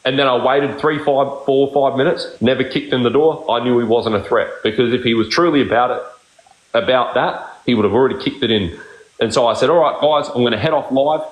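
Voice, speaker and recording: A man's voice: mid-range voice, a little fast, roomy sound, dull audio. A man hosting a live stream, talking bluntly, swearing constantly and repeating himself. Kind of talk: heated casual chat.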